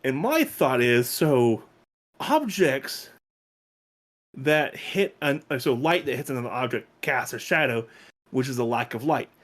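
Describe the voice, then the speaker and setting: A man's voice: medium pitch, lively intonation, a little slow, fairly bright tone. Guy cohosting a podcast, rambly, lots of um and like, regular mid voice. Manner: rambling, loose, lots of fillers. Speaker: podcast co-host. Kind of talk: casual chat.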